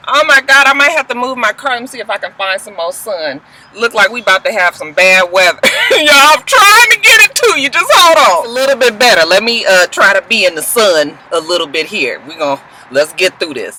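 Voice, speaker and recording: A woman's voice: mid-range voice, low-quality recording. A woman recapping a reality show in a casual, profane, chatty vlog from a parked car, recorded on a built-in camera mic. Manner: profane, animated, chatty, often laughing. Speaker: TV show reviewer.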